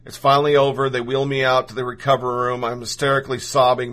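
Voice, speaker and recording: A man's voice: mid-range voice, level tone, fast talker, fairly bright tone. A man reading a personal story aloud in the first person, earnest and emotional.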